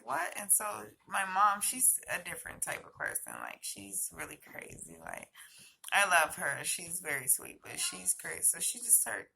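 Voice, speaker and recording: A woman recounting a personal story in a low, gravelly voice with a bright, forward edge. She speaks hesitantly, leaning on fillers and restarting her sentences. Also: a little hiss or hum. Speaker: vlogger.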